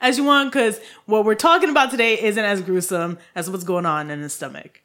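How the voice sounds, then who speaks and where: A woman's voice: medium pitch, fairly quick, a bit bright. A woman hosting a podcast in casual chat, teasing her co-host and giggling often.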